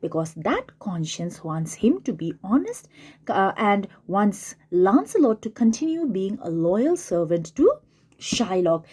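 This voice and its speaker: A woman's voice: mid-range voice, wildly swooping pitch, a little slow, a little mellow, breathy edge. A woman teacher giving a literature lesson, explaining a play line by line and often repeating and rephrasing her words.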